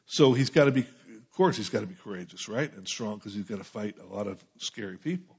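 A middle-aged man preaching a conversational sermon, building to emphatic peaks and dropping into quiet asides. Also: on the low side, lively intonation, fairly quick, slightly rough. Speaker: pastor. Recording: muffled lo-fi sound.

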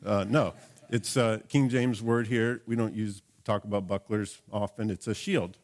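A man's voice: lowish voice, steady tone, unhurried. A man preaching a sermon, reading scripture and asking his listeners rhetorical questions in an earnest way. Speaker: pastor.

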